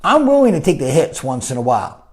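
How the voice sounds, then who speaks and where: A man's voice: fairly high pitch, fast talker. A man giving a casual coaching talk and answering viewer comments, often tagging his points with "right?". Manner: animated, keeps asking "right?", acts out quoted voices. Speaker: life coach.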